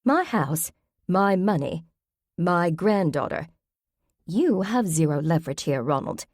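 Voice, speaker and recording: A woman's voice: lowish voice, lively intonation, a little slow, darkish tone, dry recording, studio quality. A woman doing a defiant old woman. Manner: indignant, firm. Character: proud, defiant elderly woman.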